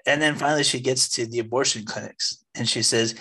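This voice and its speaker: A man co-hosting a casual faith podcast, telling a story in an animated way. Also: mid-range voice, fairly quick, few pauses, breathy edge. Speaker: podcast co-host.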